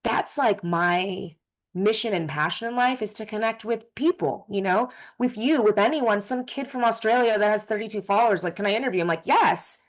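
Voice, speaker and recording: A woman actor answering interview questions in a casual, effusive way, with quick asides and jokes. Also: medium pitch, rough recording. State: briefly emotional, close to tears.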